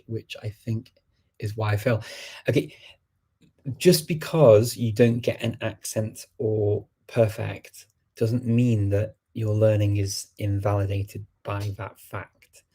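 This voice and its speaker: A man's voice: on the low side, little pitch movement, a little slow, mellow. A middle-aged man hosting a language-learning show, answering viewer questions in a casual, conversational, emphatic way. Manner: conversational and emphatic, many restarts and laughs. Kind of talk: casual live Q&A chat.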